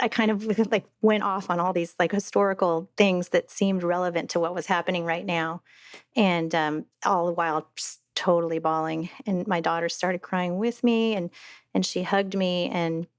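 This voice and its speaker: A woman, a mother and podcast guest, telling a personal story in a halting way, with many restarts and fillers. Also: fairly low pitch, no echo, clean studio sound.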